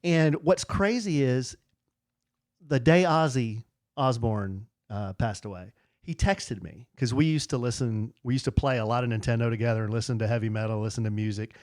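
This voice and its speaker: A man's voice: mid-range voice, normal speed, no room sound, clean studio sound. A middle-aged man co-hosting a podcast, telling a long personal story in a rambling, casual way with fillers. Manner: rambling, restarts with fillers, animated when quoting friends. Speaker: podcast co-host.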